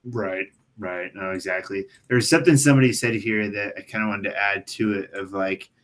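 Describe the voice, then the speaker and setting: A man who cleans windows, co-hosting a podcast in relaxed casual chat and asking his partner questions. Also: on the low side, normal speed. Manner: relaxed, asks questions, laughs along.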